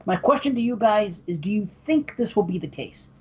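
A man's voice: sits high, fairly quick, husky. A man hosting a podcast, reading listener emails and joking crudely in casual banter. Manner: crude, animated, laughs a lot. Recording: muffled lo-fi podcast audio.

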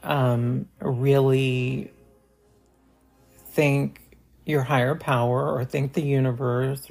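A woman vlogger giving a heartfelt, halting holiday message to her viewers, with many pauses and fillers. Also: very deep voice, fairly even intonation, vocal fry, a little mellow. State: choked up.

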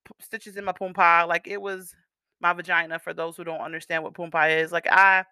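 A woman's voice: fairly low pitch, little pitch movement, brisk, sharp tone, smooth, no echo, clean studio sound. A woman telling viewers a personal story in a candid, profane, conversational storytime vlog.

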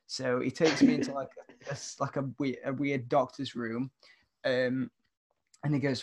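A young British man telling a long story in casual chat. He rambles and stays animated, laughing through it, at an ordinary mid pitch. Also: moderate pace. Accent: British English.

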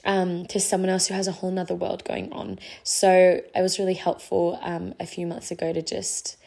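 A woman's voice: fairly low pitch, vocal fry, mellow. A young adult woman hosting a casual faith podcast, earnest and encouraging, rambling a little and out of breath. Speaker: podcast host.

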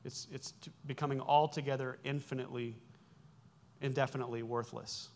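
A man's voice: mid-range voice, flat delivery, brisk. Man in his forties preaching a sermon. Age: 40s. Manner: explanatory and conversational, with self-corrections and wry asides. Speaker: pastor.

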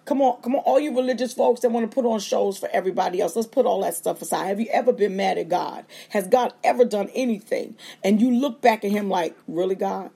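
A woman preaching a sermon on a livestream with fervent call-and-response delivery and quick acted-out asides, speaking. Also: mid-range voice, vocal fry, dark tone, slightly rough. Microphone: livestream feed.

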